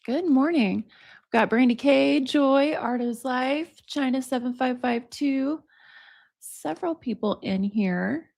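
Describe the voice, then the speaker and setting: Female livestream host, chatty, reads aloud, a touch high-pitched. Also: slow, vocal fry, darkish tone. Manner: chatty, laughs often, reads passages aloud. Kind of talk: casual livestream chat and reading aloud.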